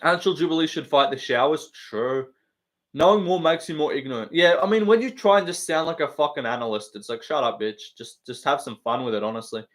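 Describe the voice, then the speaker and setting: A young man with an Australian accent chats through a live stream, reading viewer comments and firing back jokes. His voice sits a little high for a man, and the talk is loose and full of slang and swearing. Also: animated, a little fast.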